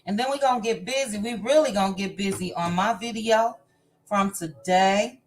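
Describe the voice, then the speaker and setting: A woman's voice: medium pitch, moderate pace. A woman hosting a livestream, greeting her viewers by name one after another in a casual, chatty way. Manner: reads viewer names in a warm, chatty run of hellos. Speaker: livestream host. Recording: faint music behind the voice. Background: faint background music.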